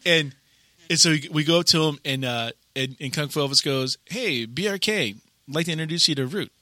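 A middle-aged man hosting a podcast, telling a story in a casual, animated way and acting out the quotes. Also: a little high, a little fast, no echo. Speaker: podcast host.

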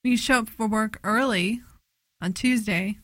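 A woman co-hosting a casual podcast, playful and quick to giggle. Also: on the high side, a bit bright, no room sound. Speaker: podcast co-host. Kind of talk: casual chat.

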